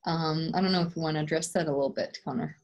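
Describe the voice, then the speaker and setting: A woman co-hosting an online class over a video call, telling stories in an excitable, casual way, laughing often and swearing now and then. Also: low-pitched, racing. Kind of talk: animated casual storytelling.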